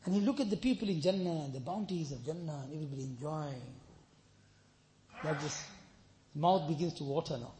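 Fast-talking, high-voiced male preacher. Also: slight background noise. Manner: lively storytelling, mixes in chanted Arabic verses; emphatic, repeats phrases for stress. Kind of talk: sermon explaining scripture.

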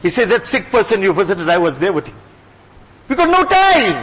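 Male preacher, high voice, fervent sermon delivery, big hall echo. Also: animated, fairly quick. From Gujarati-speaking background. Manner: impassioned, swings between loud exhortation and hushed pleading. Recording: long hall reverb.

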